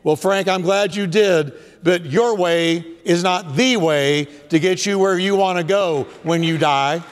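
A man's voice: high-pitched, unhurried. A male pastor delivering a sermon, emphatic and repetitive, in a church sanctuary. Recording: long hall reverb.

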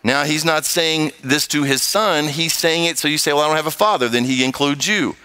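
A man preaching a sermon, reading scripture and acting out voices and sounds, with wide swings in pitch. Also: fairly quick, sharp tone, clear, resonant tone.

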